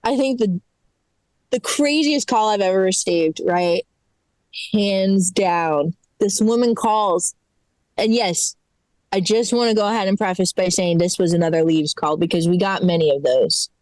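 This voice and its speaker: A woman's voice: medium pitch, measured pace, a little mellow, no echo, low-quality recording. A woman doing a stand-up set in a comedy club, sarcastic and exasperated as she acts out fussy callers.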